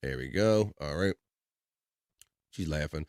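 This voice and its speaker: A man's voice: fairly low pitch, fairly quick, darkish tone, dry recording, studio quality. Guy hosting a live stream, chatty and jokey, reading out chat comments. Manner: chatty, joking, reads viewer comments aloud. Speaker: live show host.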